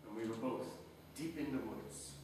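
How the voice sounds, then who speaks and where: An actor on stage playing a haunted professional man who tells the audience his story in a reflective, halting way. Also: medium pitch, background noise, lightly acted. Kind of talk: live stage play monologue. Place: small theatre stage. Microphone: distant room mic. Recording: echoey theatre taped from far off.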